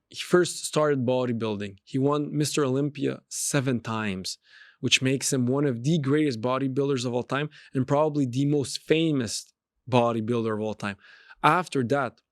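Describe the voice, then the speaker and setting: A man's voice: mid-range voice, darkish tone, no room sound, studio quality. A man hosting a podcast, giving an emphatic motivational monologue and repeating his phrases for effect. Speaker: podcast host and street pastor.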